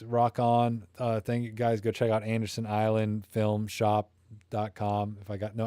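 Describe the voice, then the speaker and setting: A young man on a live stream, rambling and cracking goofy jokes in a somewhat low, mellow voice. His voice is getting tired. The sound is dry and close. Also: dry recording. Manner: goofy, rambling, self-promoting banter. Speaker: YouTube streamer. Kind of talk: casual live-stream chat. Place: small room at home.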